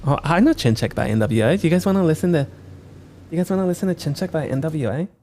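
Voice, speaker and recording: A man's voice: fairly high pitch, expressive, quick pace, mellow, a little hiss or hum, voice pushed up, natural voice. An overly cheery young stepmother, voiced by a man, chirps away, straining to please. The voice is lifted well above his own, a bouncy, eager sound. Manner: chirpy, trying too hard.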